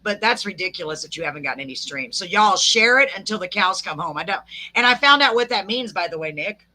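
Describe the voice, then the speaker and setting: A woman's voice: mid-range voice, animated, fast, bright, forceful tone. A woman hosting a live podcast, chatting and laughing with a guest and tossing in folksy sayings. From Texas. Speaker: podcast host. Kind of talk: casual live chat with a guest.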